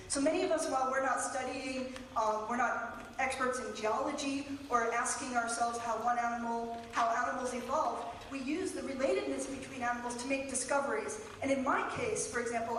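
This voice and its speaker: A woman's voice: high voice, a bit bright, a little hiss or hum. A woman, a postdoctoral biologist, firmly challenging a speaker during an audience question, heard from a distance in a large lecture hall. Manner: assertive, challenging, speaks in long explanations. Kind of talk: live audience question at a debate. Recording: echoey lecture hall from far off.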